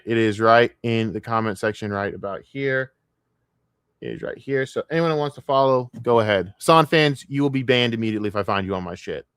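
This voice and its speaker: A man ranting on a live stream in a profane, combative, mocking way. His voice is bright and forceful, and it sounds close and dry with no room echo. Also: mid-range voice. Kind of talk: casual live-stream rant.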